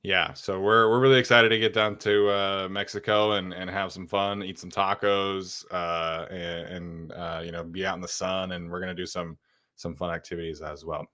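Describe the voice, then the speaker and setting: A man's voice: low voice, level tone, moderate pace, bright, forceful tone. A young man hosting a sports podcast, chatting casually and energetically with plenty of fillers. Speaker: podcast host.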